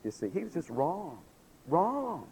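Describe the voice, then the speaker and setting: A man's voice: mid-range voice, expressive, a little slow, darkish tone, slight background noise. A man preaching a sermon, telling a story animatedly, acting out the quotes and asking the congregation questions, while losing his voice. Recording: long hall reverb.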